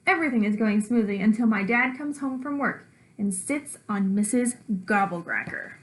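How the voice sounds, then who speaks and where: Expressive woman teacher reading a storybook aloud. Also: fairly high pitch, normal speed. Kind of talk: reading a children's book aloud.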